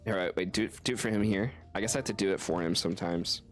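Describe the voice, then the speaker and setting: A man's voice: on the low side, fast talker, faint music behind. A man streaming a video game, chatting casually and playfully, laughing often and swearing freely. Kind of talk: casual gameplay commentary.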